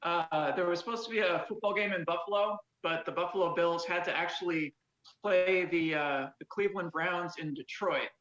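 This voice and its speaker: High-voiced hesitant man on echoey audio. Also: a bit bright. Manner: hesitant, halting. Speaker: guest joining late. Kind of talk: casual chat. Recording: dull echoey remote audio.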